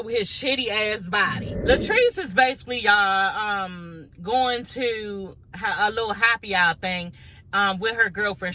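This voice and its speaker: A woman doing a casual reality-TV recap, talking straight to her audience. Her tone is bright and forceful, her pitch sits in the middle, and she is blunt and profane as she gossips. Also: low-quality recording.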